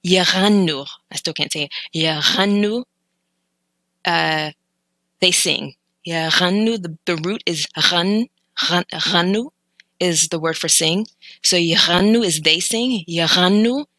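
On a dry, rough recording, a woman with a voice on the low side speaks at a moderate pace, sounding pushed and bright. She's a language learner casually teaching vocabulary from clips, thinking aloud and stumbling into restarts and corrections.

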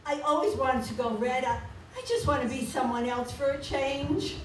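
A woman playing a flustered, eager woman being courted, full of breathy exclamations, recorded in an echoey hall from far away. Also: high voice, normal speed, slight background noise, natural voice. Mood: fluttery. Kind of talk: community stage musical acting.

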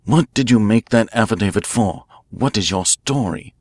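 A grave, commanding male detective laying out his case and pressing a suspect hard, as a male reader voices him. The deep, low voice stays forceful and measured, and it is recorded close and dry. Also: no room sound, close to an everyday voice. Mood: interrogating. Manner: grave, forceful, cross-examining. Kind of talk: audiobook character voice.

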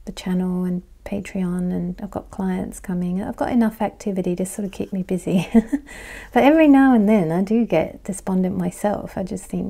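A woman giving a casual pick-a-card tarot reading, chatty and rambling, laughing often and dropping into soft asides. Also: mid-range voice, normal speed, vocal fry. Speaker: tarot reader and life coach.

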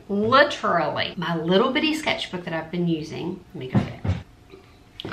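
A woman's voice: on the low side, lively intonation, moderate pace, creaky. A woman, an art YouTuber, chatting casually through a supply haul and muttering asides to herself. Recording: echoey room, faint noise.

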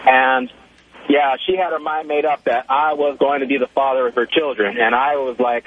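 A man calling in to a radio show, telling a story in a chatty, animated way. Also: medium pitch, normal speed. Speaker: caller. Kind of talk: casual storytelling on a call-in show. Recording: tinny phone line with faint hiss.

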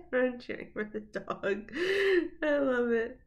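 A woman's voice: a little high, slow pace, creaky, lo-fi sound. A young woman chatting casually as she reacts to video clips, laughing often and talking back to what she watches.

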